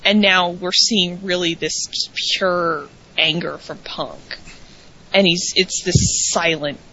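A woman's voice: lowish voice, fairly even intonation, takes it slowly, sharp tone. A woman co-hosting a show, chatting casually and with enthusiasm, repeating words for emphasis. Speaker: podcast co-host. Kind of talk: casual wrestling recap chat. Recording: dull lo-fi audio.

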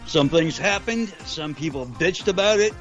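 A man's voice: fairly high pitch, expressive, normal speed, faint music behind. A man co-hosting a casual podcast chat, joking and loose, with plenty of filler words. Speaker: co-host. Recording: slightly dull lo-fi sound.

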